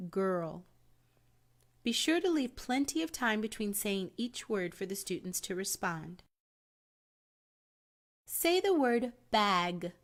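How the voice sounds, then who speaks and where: Calm American woman reading lesson steps. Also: medium pitch. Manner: calm, measured, instructive reading. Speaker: teacher-training narrator. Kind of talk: scripted instructional narration.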